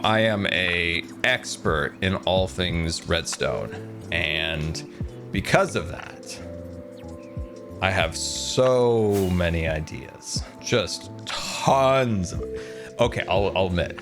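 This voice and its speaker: A man's voice: sits low, lively intonation, slow pace. A man streaming a game, chatting casually and rambling, self-deprecating, with many fillers. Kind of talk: casual game livestream chat. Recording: music playing behind the voice.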